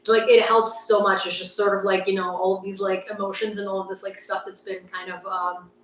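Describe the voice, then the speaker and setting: A woman's voice: medium pitch, level tone, brisk, a little hiss or hum. A young woman from Ukraine hosting a casual livestream, rambling and saying "like" a lot. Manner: rambling, heavy use of "like". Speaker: livestream news host. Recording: roomy sound, distant mic, faint ambience.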